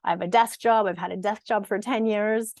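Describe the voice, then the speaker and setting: A woman in her forties, a fitness and nutrition coach, speaks straight to her audience in a casual direct-to-camera monologue, earnest and emphatic, often restarting sentences. Her medium-pitched, darkish voice is fairly even and a little fast, recorded dry with studio quality.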